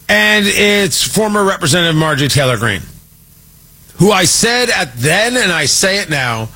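A man's voice: on the high side, bright, forceful tone, slightly rough. A man delivering a sarcastic, exasperated political opinion monologue as a commentator.

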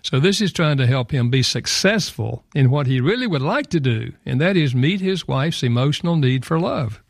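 A man's voice: medium pitch, animated, normal speed, creaky, no echo, studio quality. A man guest on a radio interview, earnestly explaining his ideas point by point. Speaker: author and guest.

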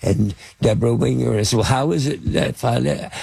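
An older man tells show-business stories in a gravelly, slightly husky voice. He stumbles through ums and false starts, circling back before landing each point. The sound is close and dry. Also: medium pitch, a little mellow, no echo. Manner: halting, lots of fillers and restarts. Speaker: interview guest, film producer and actor. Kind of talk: anecdotal storytelling in conversation.

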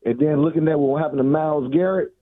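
A man calling in to a sports radio show, chatty and relaxed with casual slang. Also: fairly high pitch, fast. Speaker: caller. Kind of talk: call-in chat. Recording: tinny phone line.

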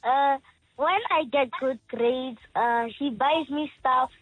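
A woman's voice: sits high, slow pace, slightly rough, dry recording, soft background music, rough recording. A young girl calling in to a radio show, giving shy, short answers. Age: child. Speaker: child caller. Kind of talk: phone-in chat.

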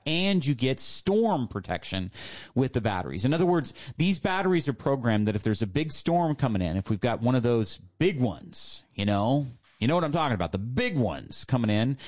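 A male radio host giving a persuasive sales pitch from a studio, emphatic and repeating his key points. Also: darkish tone.

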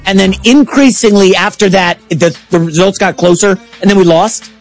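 A man co-hosting a sports talk show, chatting casually with quick asides. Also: high voice, faint music behind.

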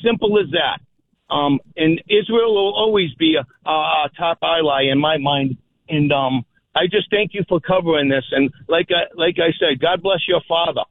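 A man calling in to a talk radio show, speaking in an agitated, halting way with many fillers and restarts. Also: fairly high pitch, no room sound. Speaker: caller. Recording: tinny phone line.

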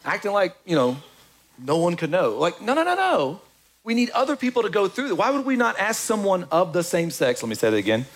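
A man preaching a sermon in an animated, conversational way, with quick asides to the congregation. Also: sits high. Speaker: pastor.

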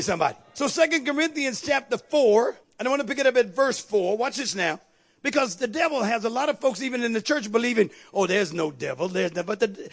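A man's voice: very high voice, fairly bright tone. A male pastor preaching a sermon with call-and-response, building to emphatic outbursts.

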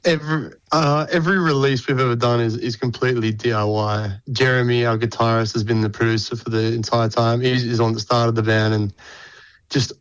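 A man in a band being interviewed, talking in a relaxed, candid way with some swearing and stammering. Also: medium pitch, fairly quick, clear, resonant tone, no room sound, rough recording. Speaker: band member guest. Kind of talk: casual interview chat.

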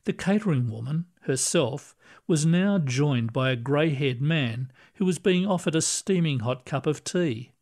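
A man reading short stories aloud in a calm, measured manner. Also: on the high side. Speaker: narrator. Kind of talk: storybook reading.

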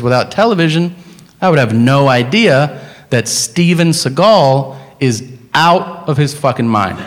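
A man's voice: medium pitch, fairly bright tone, long reverb tail. A male stand-up comedian ranting in an incredulous, profane way.

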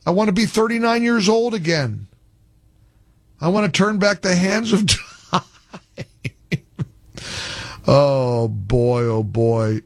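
Animated wisecracking male radio host. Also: high voice, slow pace, pauses often, no echo. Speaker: radio talk show host. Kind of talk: call-in radio talk.

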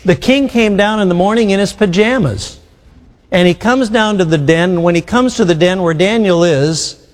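A man's voice: high voice, moderate pace. A man preaches a sermon in a slightly raised voice. He leans on rhetorical questions and draws out phrases for emphasis. His voice rings with a long hall reverb.

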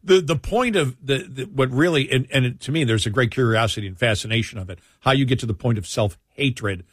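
An older man from New York co-hosting a late-night talk radio show, talking in an animated, mocking way. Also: medium pitch, brisk, no room sound, clean studio sound. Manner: animated, mocking in acted quotes.

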